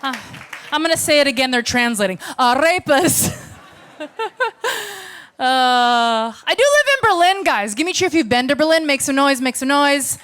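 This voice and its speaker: A woman's voice: high voice, big pitch swings, moderate pace, a bit bright. An American woman doing a stand-up comedy set on a club stage, brash, sarcastic and profane. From United States.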